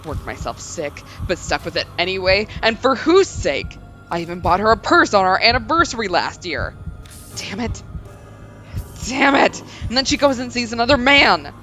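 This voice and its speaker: A woman puts on a worn-out, hot-tempered man who rants, curses and yells, his voice bright and edgy, lurching up and down in pitch. Game dialogue read aloud, with faint music underneath. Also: lively intonation, normal speed, few pauses. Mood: ranting. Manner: ranting, yelling, swearing. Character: exhausted, bitter, hot-tempered adult man.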